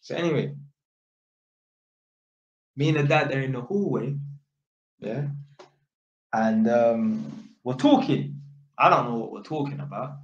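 A man telling a story in a casual, animated way, full of street slang and tag questions. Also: mid-range voice, a little slow, pauses often. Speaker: vlogger. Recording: echoey room, dull lo-fi sound.

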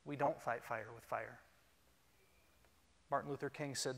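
A pastor delivering a sermon, animated and humorous, leading his congregation to speak along. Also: mid-range voice, unhurried, creaky, pauses often. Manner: animated, humorous, leads the congregation in call-and-response. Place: church sanctuary. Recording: long reverb in a church hall.

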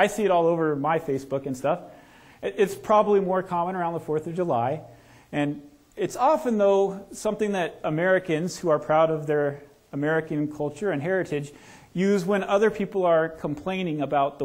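A male pastor preaching a sermon in a church, talking casually and asking the congregation questions. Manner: conversational, asks the congregation questions; lowers to a soft, slow voice in prayer. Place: church sanctuary.

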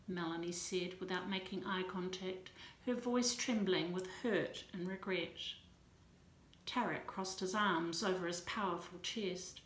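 A woman narrating a romance novel excerpt in a slow, measured reading. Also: on the low side, a bit bright. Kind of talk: audiobook reading. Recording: roomy echo with faint noise.

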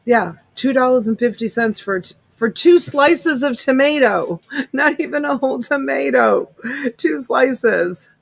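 A woman's voice: sits high, expressive, unhurried, vocal fry, no room sound, low-quality recording. Chatty middle-aged woman, dry close sound. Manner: chatty, greets viewers by name with endearments. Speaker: live-stream reseller host. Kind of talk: casual live-stream chat. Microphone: USB desk mic.

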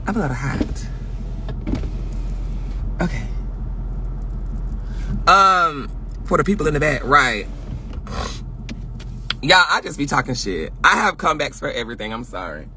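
Loud, sassy man streaming from home: high, bright voice that swings widely, cuts in with quick profane comebacks. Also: big pitch swings, slight background noise. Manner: loud, projecting, sassy, profane, laughs often. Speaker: livestream host. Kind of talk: casual livestream rant.

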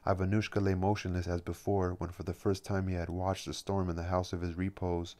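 Deep, flat-voiced man reading aloud. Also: fairly quick. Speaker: audiobook reader. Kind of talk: reading a novel aloud, then commenting.

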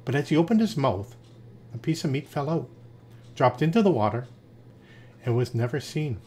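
A man reading fables aloud in a lively storytelling manner. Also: medium pitch, normal speed.

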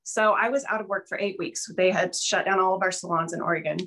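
A woman's voice: lowish voice, fairly even intonation, quick pace, fairly bright tone, a little hiss or hum. A middle-aged woman on a video call, telling her personal story candidly and a little nervously, with fillers and small laughs. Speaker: guest sharing her story. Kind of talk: casual video call testimonial.

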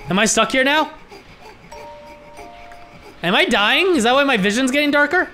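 A young man giving let's-play commentary on a horror game, excitable and swearing a lot, yelling when startled. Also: extremely high pitch, moderate pace, soft background music. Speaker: gaming YouTuber.

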